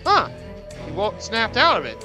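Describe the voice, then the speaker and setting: A man doing jokey, profane, excitable gameplay commentary as a let's play host. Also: high-pitched, moderate pace, over music.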